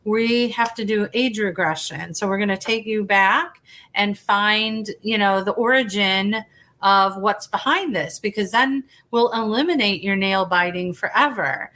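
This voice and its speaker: A woman's voice: medium pitch, measured pace, bright, forceful tone. A woman hypnotherapist telling her story in a casual interview, chatty, often restarting sentences and acting out the dialogue she quotes.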